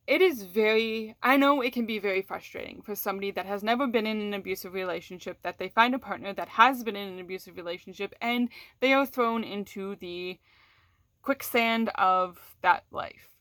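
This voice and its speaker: A woman's voice: medium pitch, a bit bright, no room sound, studio quality. A woman vlogger in a candid, casual chat with her audience. She is frank and swears freely, restarts her sentences often and laughs between words.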